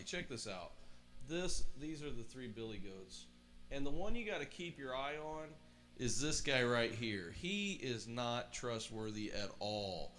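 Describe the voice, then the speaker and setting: A middle-aged man hosting a casual livestream, talking enthusiastically with rambling asides as he reads aloud. His voice sits at a mid pitch. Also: big pitch swings, measured pace, fairly bright tone. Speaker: livestream host. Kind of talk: casual reading and chat on a livestream.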